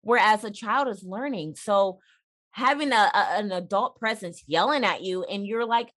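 A mother sharing her views as a podcast guest, earnest and encouraging in tone. Her voice is of medium pitch and conversational. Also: normal speed, a bit bright. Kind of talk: casual chat.

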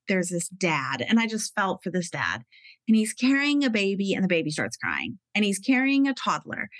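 A woman's voice: medium pitch, a bit bright, no room sound. A woman in her forties, a parenting expert, chatting casually as a podcast guest and telling stories with easy laughter. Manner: chatty storyteller, laughs easily.

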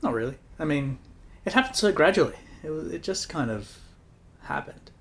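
A man's voice: on the high side, very animated, moderate pace. A man co-hosting a casual podcast with his partner. He teases her with playful mock indignation and often laughs mid-sentence. At other times he answers in short, easygoing phrases. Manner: teasing and jokey, chuckles through his lines, short replies. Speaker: podcast co-host. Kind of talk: casual chat.

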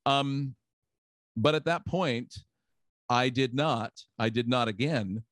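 A man's voice: mid-range voice, takes it slowly, no room sound. A middle-aged man, telling a story in casual chat and acting out the voices of people he quotes. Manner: animated, acts out quotes with laughs. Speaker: guest.

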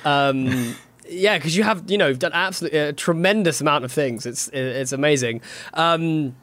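A man's voice: fairly high pitch, normal speed, a bit bright, no echo. A man from England hosting a podcast, talking in an enthusiastic, effusive way with plenty of fillers. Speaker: podcast host. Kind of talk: casual podcast chat.

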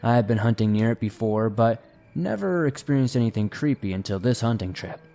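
A man narrating listener-submitted horror stories, slowing and hushing his delivery at the tense moments. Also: medium pitch, animated, vocal fry, soft background music.

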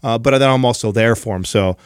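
A man's voice: medium pitch, a little fast, clean tone, no room sound, clean studio sound. A man in his thirties chatting casually on a podcast, rambling through a story with lots of fillers. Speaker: podcast co-host. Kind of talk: casual chat.

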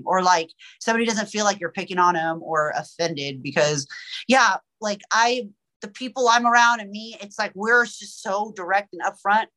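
A young woman from the United States talks in a loose, casual interview. She is blunt and candid, swears freely and laughs easily. Her pitch sits in an ordinary middle range. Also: a bit bright. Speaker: rapper guest.

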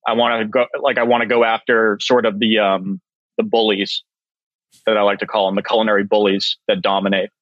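A man's voice: on the low side, little pitch movement, fairly quick, dry recording, lo-fi sound. A man in his forties from Massachusetts, a chef guesting on a podcast, talking in a dry, self-mocking way. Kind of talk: casual interview chat.

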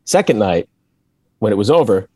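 A man's voice: lowish voice, moderate pace, slightly rough, dry recording. A man who is a musician, guesting on a podcast and telling tour stories casually with frequent laughs. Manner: animated, laughing storyteller.

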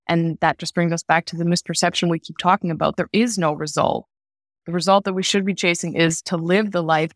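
A woman's voice: fairly low pitch, no room sound, studio quality. A woman co-hosting a casual podcast chat, earnest and reflective.

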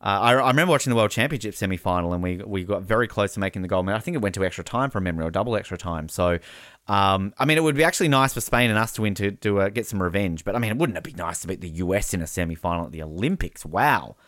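A man hosting a casual sports podcast, with jokey, excitable live commentary. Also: sits low, racing, no echo, studio quality. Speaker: podcast host.

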